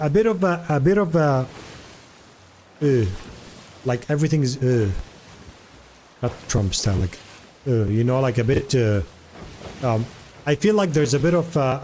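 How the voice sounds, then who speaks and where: A man streaming live, talking loosely and chattily at a desk mic in a mid-pitched voice. He wanders between thoughts, fills gaps with "uh" and "like", and answers his chat as he goes. A faint hiss of ambience sits under the voice. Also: a little mellow. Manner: rambling, chatty, many fillers, answers chat.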